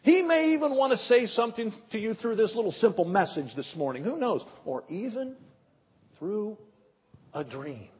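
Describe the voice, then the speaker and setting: A male pastor delivering a sermon with emphatic rhetorical questions and drawn-out pauses, his voice husky. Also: high-pitched, big pitch swings. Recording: dull echoey hall.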